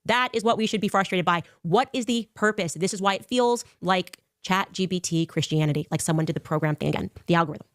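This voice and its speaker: Sarcastic woman podcaster, low voice. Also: quick pace, few pauses, no echo, clean studio sound. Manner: exasperated, sarcastic, talks through a timeline. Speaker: podcast host. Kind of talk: podcast commentary.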